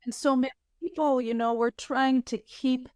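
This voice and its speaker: A woman guest on a podcast, musing in a halting, spiritual way with many pauses. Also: sits high, fairly even intonation, darkish tone, clean tone, no echo. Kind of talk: reflective interview chat.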